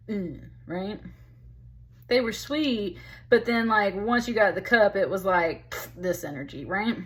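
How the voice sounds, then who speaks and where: A woman gives a tarot reading in a loose, conversational way, speaking straight to the listener. She is emphatic and chatty, with a voice of ordinary pitch for a woman. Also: unhurried. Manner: chatty, emphatic, calls the listener honey and baby. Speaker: tarot reader.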